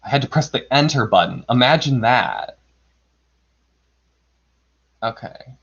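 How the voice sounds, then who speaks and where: A man at a home computer microphone, talking his way through a live stream at an unhurried, drawn-out pace. He rambles as he narrates whatever he is doing on screen and pokes fun at himself. The audio is dull and lo-fi. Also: medium pitch, expressive, vocal fry, fairly bright tone, husky. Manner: self-deprecating, chuckles often. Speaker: live storybook reader. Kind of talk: casual livestream chat.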